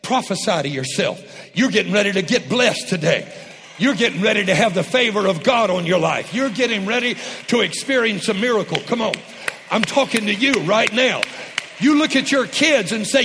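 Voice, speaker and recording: A man preaching a sermon, calling on the congregation to repeat after him and rising to shouts. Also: high voice, sing-song, normal speed, husky, long reverb tail. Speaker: pastor.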